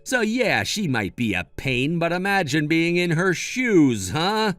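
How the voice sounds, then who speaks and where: A man's voice: fairly high pitch, sing-song, measured pace, few pauses, a bit bright, no room sound. Firm, sarcastic male storyteller. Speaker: first-person story narrator. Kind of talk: scripted story narration with dialogue.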